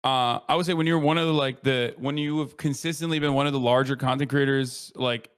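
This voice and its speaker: A man on a stream call, calmly explaining at length with plenty of fillers in casual chat. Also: mid-range voice, a little fast, clear, resonant tone.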